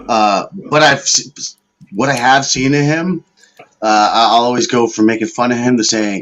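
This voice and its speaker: A man's voice: mid-range voice, normal speed, a bit bright, highs cut off. A man hosting a podcast, chatting frankly with plenty of swearing. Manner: frank, profane, rambling. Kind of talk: casual podcast chat.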